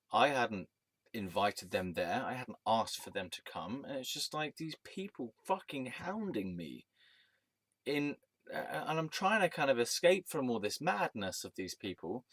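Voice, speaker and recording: A man's voice: medium pitch, dry recording. A man telling a personal story in a rambling, angry rant, swearing and restarting his sentences. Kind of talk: casual storytelling monologue.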